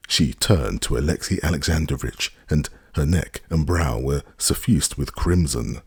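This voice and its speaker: Very deep, gravelly male narrator. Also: lively intonation, unhurried, hardly any pauses, dry recording, studio quality. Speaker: audiobook narrator. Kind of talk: scripted narration.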